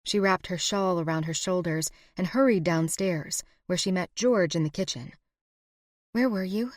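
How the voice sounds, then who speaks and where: Low-voiced woman reading a novel. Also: normal speed, no room sound, studio quality. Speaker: audiobook narrator. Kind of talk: scripted narration.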